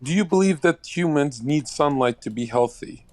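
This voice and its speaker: A man's voice: fairly high pitch, expressive, normal speed, darkish tone, no echo. Brash provocative man, dry call audio, mocking debate guest. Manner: provocative, mocking, laughing at his own jokes. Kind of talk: heated online voice-call debate. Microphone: online voice call.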